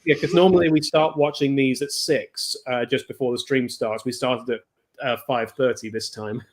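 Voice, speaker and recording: A man's voice: mid-range voice, steady tone, normal speed. Chatty British man recapping a show. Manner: chatty, laughs often, loose restarts. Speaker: co-host. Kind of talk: casual stream chat recapping an episode.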